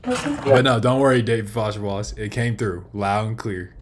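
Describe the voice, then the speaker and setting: A man's voice: fairly low pitch, expressive, normal speed, background noise. A man streaming a casual, slangy, profane reaction commentary to an interview, often laughing at his own jokes.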